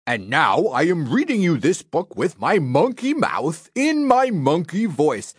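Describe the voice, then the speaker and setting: A woman reading a children's book aloud, doing silly exaggerated voices that swing from deadpan to squealing, in a recording studio. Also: sits low, unhurried, few pauses, breathy edge, no echo. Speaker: audiobook reader. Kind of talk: playful children's audiobook reading. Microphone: studio microphone.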